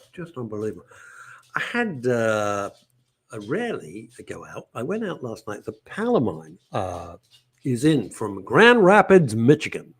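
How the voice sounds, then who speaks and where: A man's voice: medium pitch, measured pace, breathy edge. A man hosting a live show, reading out viewer comments and ranting in casual chat. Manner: animated and ranting, jumping between topics. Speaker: host.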